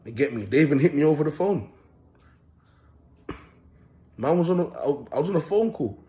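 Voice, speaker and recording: A man's voice: on the high side, sing-song, moderate pace, mellow. A young man talking casually to his viewers, rambling and boastful, full of slang and repeated phrases. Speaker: vlogger. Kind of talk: casual monologue to camera.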